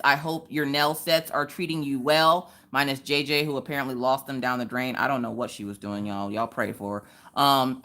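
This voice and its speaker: A woman with a Southern US accent, hosting a casual live stream and chatting loudly with viewers, jumping to high squeals when she greets them.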